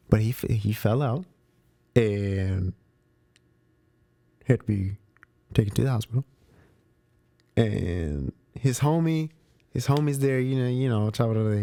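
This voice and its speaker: Mellow, slangy man hosting a movie show. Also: mid-range voice, a little slow, pauses often, dry recording. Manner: slangy, repeats phrases, frequent restarts. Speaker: movie review show host. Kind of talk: casual spoiler movie review chat.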